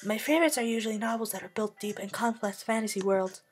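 A man voicing a timid, formal teenage girl who loves books, speaking softly and hesitantly in a voiced game playthrough. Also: high voice, fast, slightly rough, faint music behind, pitched above the performer's own voice. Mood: gentle. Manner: soft, hesitant, stammering.

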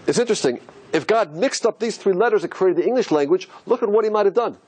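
A man's voice: high voice, expressive, fast, darkish tone, slight background noise. A man teaching as a rabbi, asking rhetorical questions and musing aloud as he explains letters on a board. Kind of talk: teaching lecture.

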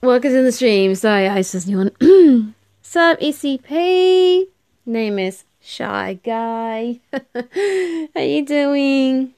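A woman's voice: high-pitched, expressive, drawn-out words, darkish tone, clear, resonant tone, no room sound, clean studio sound. A young woman live streaming a game, chatting casually with viewers, tired and yawning as she talks. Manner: chatty, greets viewers, yawns and laughs often.

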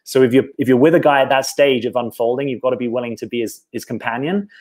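A man's voice: mid-range voice, fast, darkish tone. A British man, a dating coach, talking casually on a live stream, answering viewer questions in a reflective way and often adding "right?". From Britain.

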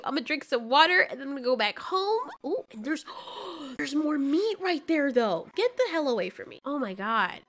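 Young female gamer, high bright voice, excitable, swears freely while she plays. Let's-play commentary. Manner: excitable, swears a lot, talks to the game. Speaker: gaming YouTuber.

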